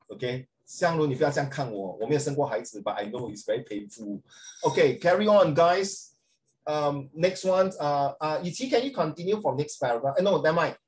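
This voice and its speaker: A middle-aged male teacher talks his class through a lesson off the cuff. His voice sits at an ordinary pitch, and he rambles in a chatty way, slips into Mandarin and calls students by name. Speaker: secondary school English teacher. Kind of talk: classroom lecture, talking off the cuff.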